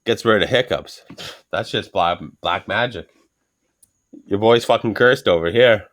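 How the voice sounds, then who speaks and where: Middle-aged male host, loose profane podcast chatter, animated delivery. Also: fairly low pitch, unhurried. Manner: animated, heavy swearing, rambling storytelling. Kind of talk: casual profane podcast banter.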